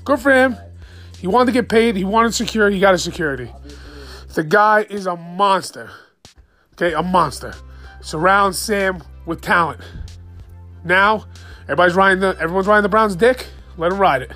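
A man hosting a solo sports fan podcast late at night, excited, profane and rambling as he rants. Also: high voice, moderate pace, pauses often, soft background music. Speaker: podcast host.

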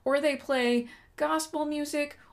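A woman's voice: high voice, fairly even intonation, measured pace. A woman co-hosting a casual podcast chat, recapping a movie plot with sarcastic asides. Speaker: podcast co-host reviewing a movie.

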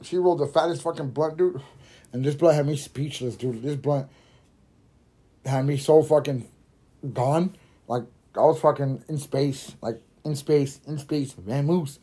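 Stoned male podcaster, loose rambling delivery, curses constantly, mellow tone. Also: fairly high pitch, unhurried, breathy edge. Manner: rambling, heavy swearing, laughs at own jokes. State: high while smoking. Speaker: podcast host. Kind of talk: casual storytelling monologue.

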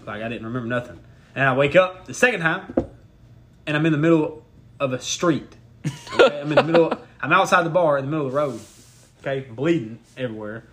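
A man's voice: on the high side, lively intonation, fast talker, crowd noise. A young man co-hosting a podcast, telling a rambling, profane story in casual chat and laughing as he goes. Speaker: podcast co-host.

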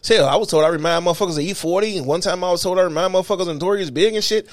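A man's voice: high-pitched, very fast. A middle-aged man co-hosting a podcast, telling stories in casual chat, profane and full of filler. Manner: animated, profane storytelling with lots of filler. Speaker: podcast co-host.

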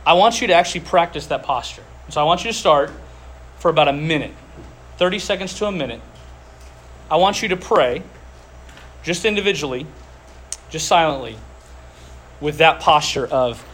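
A man preaching a sermon as pastor, earnest, slowing down to stress key words, speaking to a group seated at tables. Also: fairly high pitch, a bit bright. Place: room with tables, group gathering.

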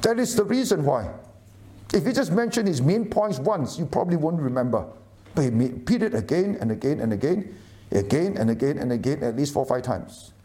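A man's voice: a little high, animated, a little fast, dark tone. A middle-aged man preaching a sermon, emphatic and often asking the audience questions. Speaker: pastor.

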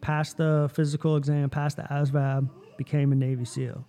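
A man hosting a casual chat, telling a story with lively energy and lots of "like" and "you know". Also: on the high side, normal speed. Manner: animated storytelling, heavy use of "like".

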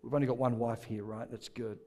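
A man's voice: mid-range voice, flat delivery, brisk, dark tone, in a large hall. A male pastor preaching a sermon, playful and joking with the congregation, drawing them in to repeat words back.

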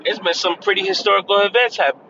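A man's voice: high-pitched, steady tone, quick pace, sharp tone. A man talking casually to his viewers, loose and chatty, often saying "man" and "y'all". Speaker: vlogger. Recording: dull lo-fi sound with faint vehicle noise.

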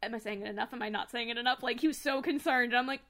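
Woman co-host for a casual music chat podcast: high, bright and animated, laughs loudly, swears freely. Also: very fast.

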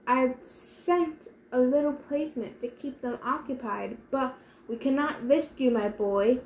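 Big brutal general, booming and growly, woman reading him, echoey room. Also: measured pace, a little hiss or hum. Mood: commanding. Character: towering male general, brutal and commanding. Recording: roomy echo.

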